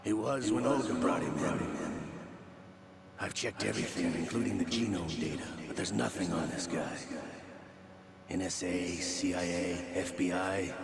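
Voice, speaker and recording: An actor playing a sly older male operative who gives a clipped, matter-of-fact report in a gravelly voice. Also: sits low.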